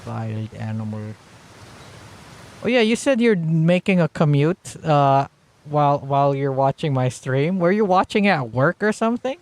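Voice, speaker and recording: A man's voice: fairly high pitch, animated, normal speed, no room sound. A man giving casual live-stream commentary on a game, rambling with many fillers and restarts, sometimes reading on-screen text aloud.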